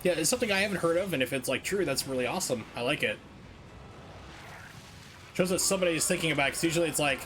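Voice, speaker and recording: A man's voice: on the high side, fairly quick, pauses often, fairly bright tone, slight background noise. A man streaming a speedrun, chatting casually and rambling with lots of fillers. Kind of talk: casual chat while gaming.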